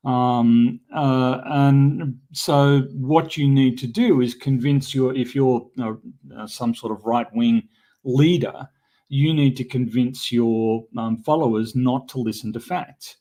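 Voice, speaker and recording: A man talking as a livestream guest in a measured way, pausing often with ums. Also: medium pitch, warm tone. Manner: slow and measured, many ums. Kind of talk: casual discussion.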